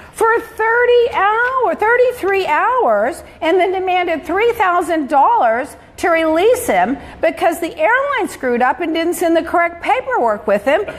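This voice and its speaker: A chatty woman host dishes gossip in a bright, high voice that swoops up and down. She tells her stories with animated energy. The sound carries a long, roomy reverb with a faint hum of ambience behind it. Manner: chatty, animated storytelling with laughs. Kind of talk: casual gossip chat.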